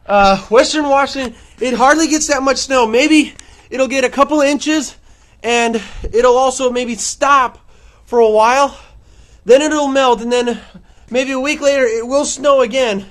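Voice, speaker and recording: A man vlogging outdoors in a snowstorm, excitable and rambling, out of breath, talking into a handheld camera mic. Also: very high-pitched, measured pace.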